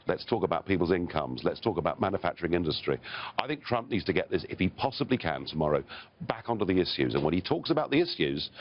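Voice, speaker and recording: A deep-voiced English man talks bluntly as a guest on a television news interview, his pitch rising and falling with real animation. He punctuates his points with short laughs. The broadcast sound is somewhat muffled. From Britain. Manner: blunt, chuckling, emphatic. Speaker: political guest. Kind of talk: live TV interview.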